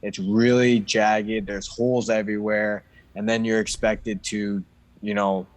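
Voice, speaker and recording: A man's voice: fairly low pitch, flat delivery, measured pace. A young man chatting casually as a podcast guest, easygoing with lots of fillers. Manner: easygoing, many fillers and laughs. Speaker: podcast guest, ice cross athlete.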